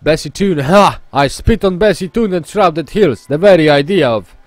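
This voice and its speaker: A man's voice: on the high side, lively intonation, normal speed, no echo, lightly acted. A man voicing a boastful male merchant of rare oddities, with a theatrical, put-on Italian accent that slips now and then. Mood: grandiose. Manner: theatrical, refers to himself in third person, stumbles on the accent.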